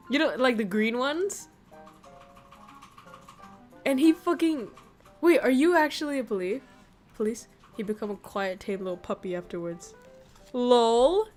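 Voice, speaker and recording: A woman's voice: a little high, a little mellow. A woman streamer in casual chat who laughs often and swears casually.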